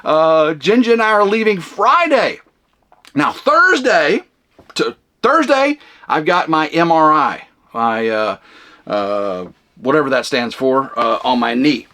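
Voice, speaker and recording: Loud rambling man, fairly high voice. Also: a little slow. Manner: loud, big flamboyant talker; rambling with fillers and restarts. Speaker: vlog host. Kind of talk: rambling casual chat. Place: at home in a small camper cabin.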